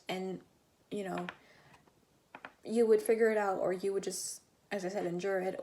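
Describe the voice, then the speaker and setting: A woman's voice: medium pitch, mellow. A woman giving a casual tarot reading to her viewers, chatty and rambling, with many fillers and restarts. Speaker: tarot reader.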